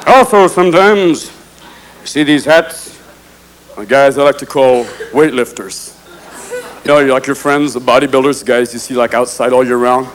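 A male stand-up comedian doing a fast, manic routine full of impressions. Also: medium pitch. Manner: rapid impressions, swerving between silly voices. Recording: live club with loud crowd laughter. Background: audience laughing.

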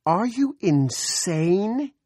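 A man's voice: on the low side, unhurried, darkish tone, breathy edge, no room sound, clean studio sound. A man voicing a frightened, defiant woman who screams, wails and weeps in an audiobook. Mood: shrill indignant. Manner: screaming, wailing and weeping.

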